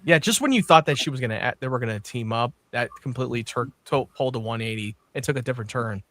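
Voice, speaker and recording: A young man co-hosting a casual podcast, reacting quickly and swearing casually. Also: medium pitch, animated, fairly bright tone. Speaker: podcast co-host. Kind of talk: casual chat.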